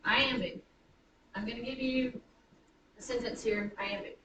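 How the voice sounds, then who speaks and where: A woman's voice: fairly high pitch, fairly even intonation, measured pace. Woman teacher in an echoey classroom. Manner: chatty, self-correcting, tapping out rhythms aloud. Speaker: high school writing teacher. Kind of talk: classroom lecture. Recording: roomy classroom from a distance, faint noise.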